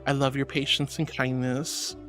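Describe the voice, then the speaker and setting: A man's voice: mid-range voice, level tone, normal speed, a bit bright, faint music behind. A man streaming as a VTuber in casual chat, reading viewer messages aloud and greeting people affectionately with pet names. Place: VRChat stream.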